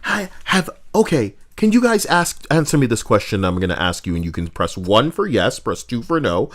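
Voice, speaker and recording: A man live-streaming with a co-host, talking casually, animated, swinging from loud outbursts to muttering and swearing often. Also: mid-range voice, normal speed, few pauses.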